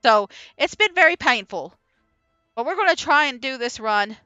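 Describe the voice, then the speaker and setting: A woman streamer rambling through casual gameplay commentary in an excitable, laughing way, voiceover added after the stream. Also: high voice, normal speed, no room sound, muffled recording, faint music behind. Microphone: voiceover recorded after the stream.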